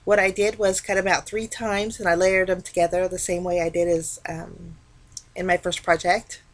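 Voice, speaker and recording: Chatty lady walking thru her card crafting steps, relaxed and friendly tutorial talk. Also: fairly low pitch, normal speed. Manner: chatty, relaxed step-by-step explaining. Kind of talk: casual craft tutorial narration.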